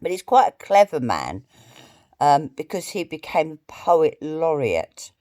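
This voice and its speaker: A woman teacher in her fifties speaks in a low, unhurried voice, explaining things patiently and step by step. The recording is dry and close, with no room sound. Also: very animated, darkish tone, dry recording. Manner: reads the poem slowly and deliberately. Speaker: English teacher. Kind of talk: recorded homework lesson.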